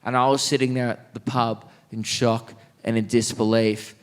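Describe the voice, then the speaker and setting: An Australian man doing stand-up in a theatre, telling a story quickly and with lots of animation. His voice sits at an ordinary middle pitch. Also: flat delivery, long reverb tail. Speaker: stand-up comedian. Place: theatre stage.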